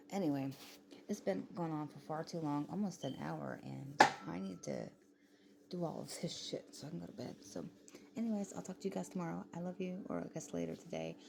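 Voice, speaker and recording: A woman's voice: lively intonation, fairly quick. A woman vlogging in a casual, rambling way, often dropping to a whisper. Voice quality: gravelly, low voice. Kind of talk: casual late-night vlog chat. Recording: clear background noise.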